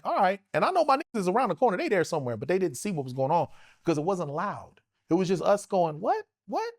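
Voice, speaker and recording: A man in his forties spins a wild, profane story in casual talk. His voice sits fairly high for a man and swings widely in pitch, with a gravelly rasp running under it. He drops into other people's voices as he recounts what they said. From United States. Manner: animated, profane, acts out other people's lines. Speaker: interview guest, actor.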